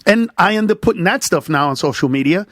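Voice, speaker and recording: Brief: lively storyteller man, high and swooping voice, dry close sound. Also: fast, dry recording. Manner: animated storyteller, acts out voices and shouts. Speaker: stand-up comedian guest. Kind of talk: casual podcast conversation.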